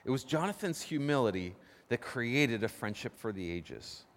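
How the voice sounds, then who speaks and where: Brief: male pastor, animated sermon delivery, higher voice, long hall reverb. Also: normal speed. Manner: lively storytelling, asks the congregation questions.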